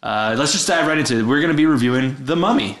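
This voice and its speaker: A man co-hosting a comedic movie review podcast, talking in halting bursts with many restarts. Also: mid-range voice. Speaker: podcast co-host.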